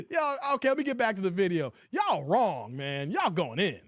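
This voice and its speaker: A man commentates over a video for his viewers, slangy and scolding. His voice sits high and jumps around a lot. The sound is dry and close. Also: moderate pace, no echo. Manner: animated, talks to the chat in slang, mocking asides. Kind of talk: livestream reaction commentary.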